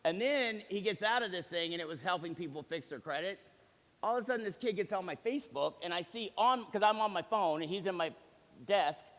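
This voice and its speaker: A man's voice: high voice, brisk. A man in his forties, a company executive, giving a motivational seminar talk and acting out the dialogue in his stories. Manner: animated storyteller who acts out quoted dialogue. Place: large hall with live audience. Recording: reverberant hall sound.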